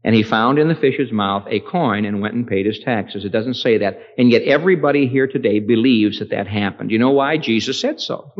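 A man preaches a sermon with strong emphasis, his voice surging loud and high on key words before dropping low as he tells a story with acted-out dialogue. He keeps a moderate pace, recorded in an echoey hall with dull, lo-fi sound.

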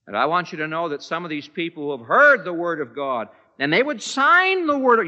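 A man's voice: a little high, very animated, brisk, hardly any pauses, sharp tone. A man preaching a sermon in a large church, emphatic and fond of repeating words for effect. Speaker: pastor. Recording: echoey church hall, dull lo-fi sound.

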